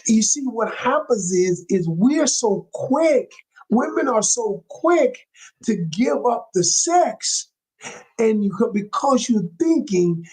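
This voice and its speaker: A man's voice: high voice, sing-song, slow, a little mellow, slightly rough, poor audio. A man giving relationship advice in a live coaching talk to his viewers, emphatic and repeating key phrases, calling listeners y'all.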